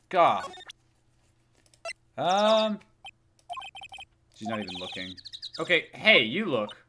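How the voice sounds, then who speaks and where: A woman's voice: a bass voice, sing-song, slow, pauses often, noisy background. A young woman giving casual, crude, rambling commentary while playing a game. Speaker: let's player.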